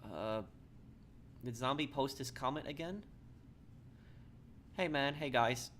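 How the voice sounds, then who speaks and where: A man streaming a game and talking casually to his viewers in a mid-pitched voice. He stumbles and repeats words as he reads out their comments. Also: fairly bright tone, slight background noise. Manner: halting, repeats words, reads chat aloud. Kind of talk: casual live-stream chat.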